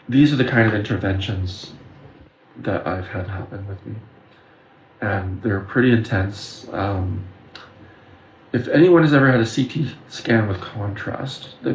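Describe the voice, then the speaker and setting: A man's voice: fairly low pitch, creaky. A man from the Windsor and Detroit area telling personal stories in an earnest, intense monologue. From Windsor, Ontario and Detroit area. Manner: earnest, intense, storytelling with filler pauses. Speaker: video creator talking about his spiritual experiences. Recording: echoey room with faint background noise.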